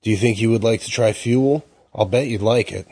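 A man doing a smooth, pushy salesman. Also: on the low side, fairly quick, warm tone, no room sound. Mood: persuasive. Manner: falsely friendly, persuasive.

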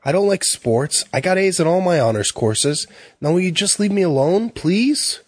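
A sullen teenage boy who bursts out in defiance, voiced by a man reading a story. The voice is pushed well above the reader's own, loud and strained. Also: high voice, expressive, normal speed, husky, no echo, voice pushed up. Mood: defiant. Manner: mumbling then raised.

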